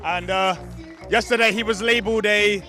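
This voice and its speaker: Bright-voiced male presenter, wry. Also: sits high, fairly even intonation, normal speed, faint music behind. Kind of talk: light studio commentary.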